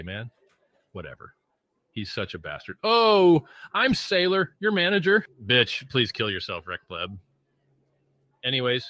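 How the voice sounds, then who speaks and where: An actor playing a sulky, crude crypto founder who whines and curses through every line. His voice is low-set and bright-edged, in a meme video skit.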